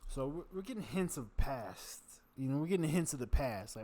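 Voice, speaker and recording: A man's voice: medium pitch, lively intonation, fairly quick, dark tone. A man vlogging while he eats, rambling casually, cursing and poking fun at himself. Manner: self-mocking, profane, chatty.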